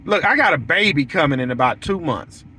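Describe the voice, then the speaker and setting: Speaking fairly quickly with lively intonation, a young lawn care business owner bluntly preaches to his audience, repeating himself and acting out quoted lines. His voice is high, bright and sharp-edged, and there's a little hiss or hum in the recording.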